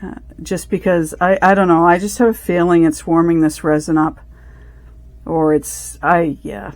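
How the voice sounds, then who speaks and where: A woman's voice: lowish voice, flat delivery, moderate pace, darkish tone, no room sound. Rambling woman talking through a craft. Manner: rambling, self-correcting, thinking aloud. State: out of breath. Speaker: resin crafter. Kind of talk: casual crafting commentary.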